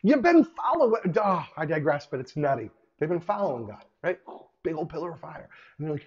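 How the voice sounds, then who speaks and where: A man delivering an online sermon in an animated, casual way, with colloquial asides and hushed emphasis. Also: fairly high pitch, a little fast. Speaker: preacher. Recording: dull lo-fi recording.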